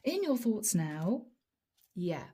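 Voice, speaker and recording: A woman's voice: mid-range voice, very animated, slow pace, warm tone, husky. A woman giving a chatty tarot reading straight to her viewers, laughing often and calling them guys. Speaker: tarot reader.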